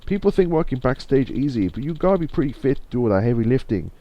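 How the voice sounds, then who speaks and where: A man's voice: mid-range voice, big pitch swings, quick pace, lo-fi sound, pitched above the performer's own voice, close to an everyday voice. A man voicing a boastful male theater stagehand in a mock Chinese accent, with clipped, broken English.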